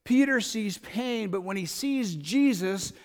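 A man preaching a sermon in a conversational way, alternating loud emphatic lines with quiet asides. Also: high voice, lively intonation, slow, in a large hall. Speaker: pastor.

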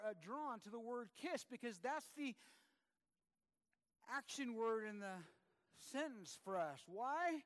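A man's voice: very high-pitched, animated, unhurried. A man preaching to his congregation in a conversational, self-deprecating way, with frequent fillers and restarts. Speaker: pastor. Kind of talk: sermon. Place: church.

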